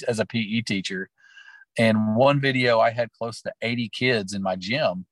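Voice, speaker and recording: A man's voice: mid-range voice, no room sound. A man who teaches and coaches, talking casually in an interview about his classroom, rambling with lots of fillers. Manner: chatty, storytelling, lots of fillers.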